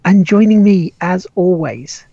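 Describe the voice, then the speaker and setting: A man's voice: high-pitched, lively intonation, unhurried, creaky, warm tone, no room sound, muffled recording. Joking male podcast host, dry sound. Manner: joking, rambling, with laughs. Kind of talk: casual chat.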